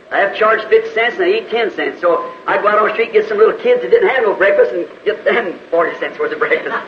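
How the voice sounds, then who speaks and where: A man in his fifties with a Southern US accent, preaching a storytelling sermon in a folksy way and rising to pleading prayer. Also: high-pitched. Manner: folksy, acts out quoted voices, rises to pleading prayer. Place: church auditorium. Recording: lo-fi 1960s church tape, roomy, faint hiss.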